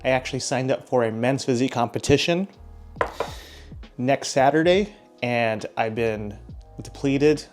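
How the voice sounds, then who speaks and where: A man's voice: medium pitch, a little slow, long pauses, faint music behind. A young adult man chatting casually as he walks through his day of meals, upbeat and joking in asides. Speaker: fitness vlogger. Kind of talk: casual vlog narration.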